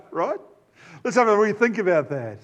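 A man's voice: sits high, very animated, dull audio. New Zealand man preaching a chatty sermon. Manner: conversational, with filler pauses and asides to the congregation.

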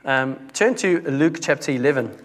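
Speaking at a moderate pace in an animated, mid-range voice, this young adult man delivers a sermon conversationally. He restarts frequently and dramatically lowers his voice to stress points.

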